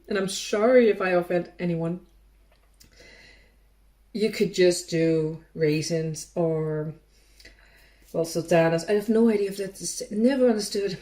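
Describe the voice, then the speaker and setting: Woman vlogger, lowish voice, unhurried, rambling tasting chat with her mouth full. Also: a little mellow. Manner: rambling, thinking aloud, eating between words. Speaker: cooking vlogger. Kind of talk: casual chat while tasting food.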